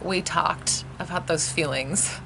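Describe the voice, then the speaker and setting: Low, gravelly-voiced woman telling a story. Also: slow pace, background noise. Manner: candid, emotional, conversational with fillers. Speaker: vlogger telling her birth story. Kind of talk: personal storytelling.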